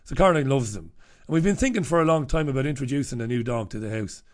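A man's voice: medium pitch, animated, fast. Blunt, profane man hosting a stream. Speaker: live stream host. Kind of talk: casual live stream chat.

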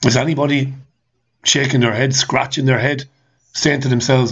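A man's voice: medium pitch, moderate pace, long pauses, husky, lo-fi sound. A man hosting a talk show, ranting angrily with repeated rhetorical questions and swearing. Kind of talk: ranting monologue reading listener comments.

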